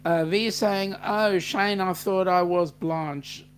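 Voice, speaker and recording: A man's voice: sits high, fairly even intonation, slow pace, slight background noise. A man with an Australian accent hosting a casual livestream, reading out viewer comments and chatting with many fillers. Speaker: livestream host.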